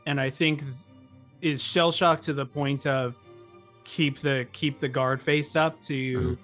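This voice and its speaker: A man playing a tabletop role-playing game, talking haltingly with many restarts. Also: mid-range voice, fairly even intonation, fairly bright tone, faint music behind. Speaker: player. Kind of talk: tabletop role-play chat.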